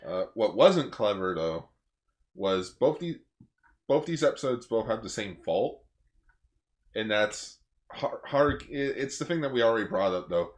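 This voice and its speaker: A man co-hosting a podcast in casual chat, talking in a relaxed, matter-of-fact way. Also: lowish voice, normal speed. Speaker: podcast co-host.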